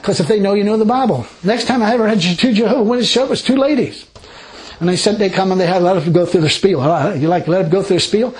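A man's voice: high-pitched, quick pace, low-quality recording. A man preaching an informal sermon, telling personal stories in a folksy, rambling way. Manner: folksy, rambling, animated storytelling with laughs.

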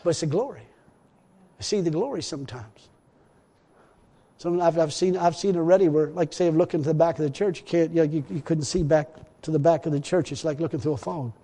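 Folksy preacher in a reverberant church. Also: male voice, a little high, a little fast, warm tone. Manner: rambling, repetitive, folksy preaching with frequent hallelujahs. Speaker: pastor. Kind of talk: sermon.

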